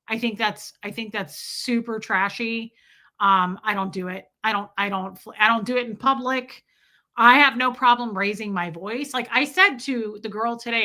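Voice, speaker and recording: A woman's voice: medium pitch, sharp tone. A young adult woman hosting a casual livestream, chatting emphatically and reading viewer super chats. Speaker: livestream host.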